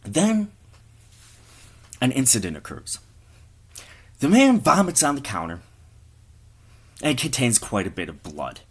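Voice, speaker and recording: A man's voice: medium pitch, big pitch swings, measured pace, long pauses, breathy edge. A man telling an improvised comic story in a rambling, profane, offhand way.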